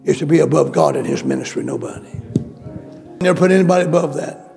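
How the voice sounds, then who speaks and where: A man's voice: a little high, wildly swooping pitch, fast, gravelly, a little mellow, soft background music. A male preacher delivering a sermon, emphatic and repetitive, calling out questions to the congregation. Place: church.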